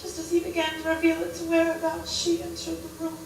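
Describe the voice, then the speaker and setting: A woman's voice: very high voice, monotone, a little fast. A woman playing a nervous young hotel heiress who stammers and repeats her words, acting on a theater stage recorded from afar. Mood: sorrowful. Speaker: stage actress. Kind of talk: live stage musical dialogue. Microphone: far room mic. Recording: echoey stage from far off, faint hiss.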